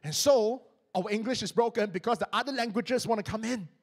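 Animated Malaysian pastor, high voice. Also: male voice, brisk, husky. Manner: animated, repeats words, acts out mock prayers in put-on voices. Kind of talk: sermon. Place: church stage, live-streamed.

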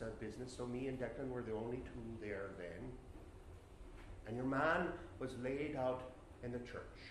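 A man's voice: mid-range voice, echoey room, slight background noise, lightly acted. A young actor playing a rural Irishman who tells a ghost story in a rambling, chatty way with nervous laughs, on a live stage. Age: young adult. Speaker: actor in a college play. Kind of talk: stage monologue. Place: theatre stage, live performance.

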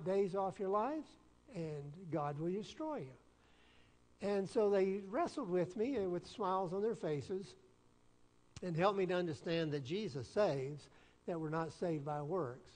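Southern pastor preaching in a reverberant hall. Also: male voice, high-pitched. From Southern United States. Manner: earnest, folksy, self-deprecating, with frequent restarts. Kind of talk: storytelling sermon. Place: church sanctuary. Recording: long church-hall reverb.

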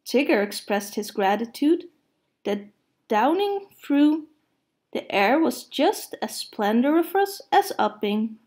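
Slow, gentle woman storyteller. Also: a little high, expressive. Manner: gentle, unhurried. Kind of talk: children's storybook read-aloud.

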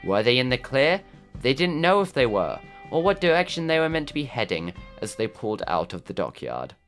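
A man's voice: mid-range voice, sing-song, brisk, fairly bright tone, soft background music. A man narrating a game video in a wry, scripted, storytelling way.

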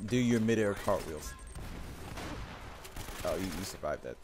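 A young man with a deep voice and an unhurried delivery does let's play commentary, cracking jokes, swearing, and muttering to himself. Game music plays behind him amid a noisy background.

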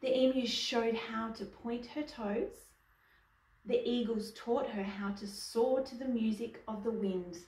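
A woman reading a picture book aloud to children, pausing to ask the young listener questions. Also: fairly high pitch, steady tone, darkish tone. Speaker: storyteller. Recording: echoey room, distant mic.

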